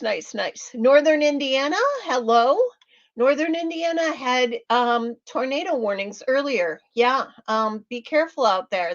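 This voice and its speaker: A woman hosting a casual livestream, chatting and greeting viewers one by one with lots of ums. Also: on the high side. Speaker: livestream host. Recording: dull lo-fi livestream audio.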